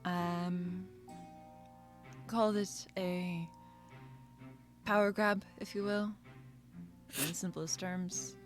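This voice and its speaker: Woman in a tabletop game, low-ish voice, slow and halting, lots of uhs. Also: fairly even intonation, faint music behind. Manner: hesitant, halting with fillers. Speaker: player voicing the client. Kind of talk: tabletop role-play.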